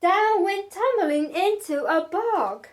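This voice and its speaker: A woman reading a picture book aloud to children in an expressive, sing-song way. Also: very high voice, slow. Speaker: children's storyteller.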